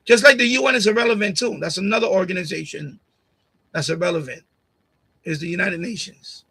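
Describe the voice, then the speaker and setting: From a home streaming setup, a man hosts a live stream and chats casually and bluntly with his viewers, repeating himself and laughing at their comments. His voice is high, fairly quick, creaky and bright, forceful in tone and slightly rough. He uses a USB condenser mic on a boom arm, but the recording quality is low.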